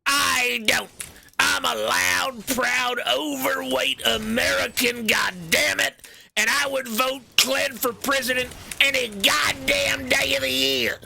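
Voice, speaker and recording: Loud proud American put on by a man, pitched way up, hollering with bright tense edge. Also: takes it slowly, vocal fry, exaggerated voice. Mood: boastful shouting. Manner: shouting, boastful, over-the-top patriotic.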